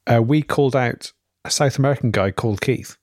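A man's voice: mid-range voice, brisk, darkish tone, no room sound. A man co-hosting a casual podcast chat, telling stories in a dry, wry way. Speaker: podcast co-host.

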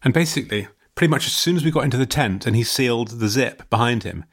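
A man's voice: mid-range voice, expressive, fast talker. A man co-hosting a podcast over a video call, telling a story in a rambling, giggly way with many restarts. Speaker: podcast co-host. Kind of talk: casual comedic chat.

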